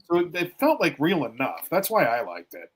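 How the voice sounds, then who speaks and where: A man's voice: fairly high pitch, wildly swooping pitch, moderate pace, husky, rough recording. Rambling man retelling movie scenes. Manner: rambling, many fillers, retells scenes in quoted voices. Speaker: podcast host. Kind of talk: casual movie review chat.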